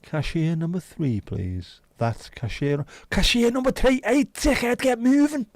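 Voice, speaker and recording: A man putting on the voice of an impatient male shop cashier who calls customers to the till in a drawn-out way. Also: big pitch swings, dry recording. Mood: brusque. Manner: drawn-out announcing, rising to shrill yelling.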